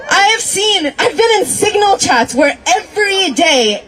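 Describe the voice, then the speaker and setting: A woman from Minnesota giving an emotional, shouted speech as an activist at an outdoor protest. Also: sits high, poor audio. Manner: emotional, near tears, shouting. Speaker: activist speaker. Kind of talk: impassioned rally speech. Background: crowd.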